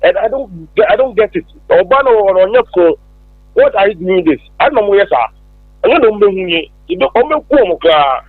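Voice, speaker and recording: A man phones in to a radio show and argues his point with emphasis, slipping English phrases in. His voice is high and lively, quick, and comes through a thin, tinny phone line. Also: dry recording. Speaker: caller. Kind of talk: phone-in opinion.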